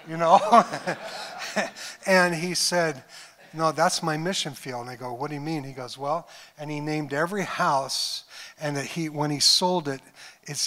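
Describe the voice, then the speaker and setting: A man's voice: a little high, sharp tone. An older man, a pastor, preaching a sermon and telling personal stories, acting out the dialogue with frequent chuckles. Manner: storytelling, acts out quoted dialogue, chuckles often. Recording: long hall reverb.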